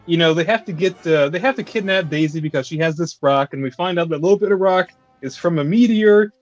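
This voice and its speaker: A man's voice: on the high side, fairly quick, no echo, muffled recording. A man co-hosting a casual movie review podcast, sarcastic and profane as he sums up the plot. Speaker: podcast co-host. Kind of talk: casual movie review banter over beers.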